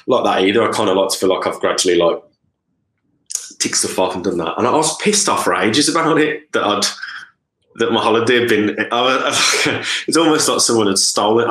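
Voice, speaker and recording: A man with a very low voice chats casually as co-host, meandering through his thoughts and tagging his sentences with "isn't it?". The room around him rings with echo, so his voice sounds roomy rather than close. His talk is relaxed and unscripted. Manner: rambling, with frequent "isn't it?" tags. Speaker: podcast co-host, company co-founder. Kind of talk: casual chat.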